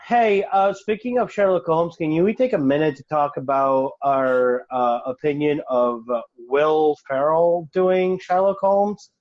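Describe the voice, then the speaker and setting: A man's voice: fairly high pitch, unhurried, hardly any pauses. A man co-hosting a casual podcast, rambling and hesitant as he searches for names. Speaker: podcast co-host. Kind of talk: casual chat. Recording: dull lo-fi sound.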